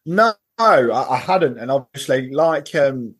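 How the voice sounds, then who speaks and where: A man's voice: mid-range voice, lively intonation, takes it slowly, fairly bright tone, slightly rough. A man in casual podcast chat, telling funny stories as a football-fan guest and laughing at his own tales. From England.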